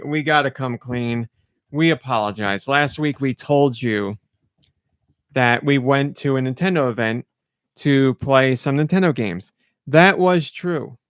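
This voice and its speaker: A man hosting a casual podcast, telling stories in an animated way and acting out quotes. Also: medium pitch, smooth, no room sound, clean studio sound. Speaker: podcast host.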